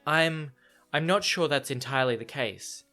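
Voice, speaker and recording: A tired young man, guarded and strained but still polite with his family, as a man reads him from a novel. The voice sits a little high for a man. Faint music plays underneath. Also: moderate pace, pushed and bright.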